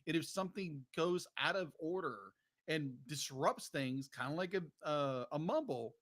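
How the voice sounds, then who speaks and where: A man's voice: on the high side, expressive, unhurried, fairly bright tone. A man hosting a casual film discussion podcast, rambling and restarting his sentences. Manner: rambling, restarts often, keeps saying "be like". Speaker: podcast host.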